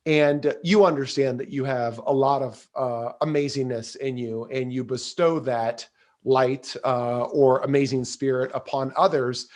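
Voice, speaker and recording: A man's voice: medium pitch, fairly even intonation, measured pace, darkish tone. A man hosting a podcast interview, effusive and full of praise, with frequent filler sounds. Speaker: podcast host.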